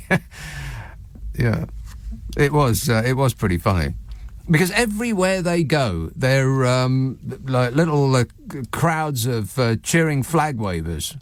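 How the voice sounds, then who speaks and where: A man's voice: medium pitch, very animated, slow pace, long pauses. A man hosting a talk radio phone-in, sardonic and mocking, chuckling at his own jokes. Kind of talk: late-night talk radio monologue.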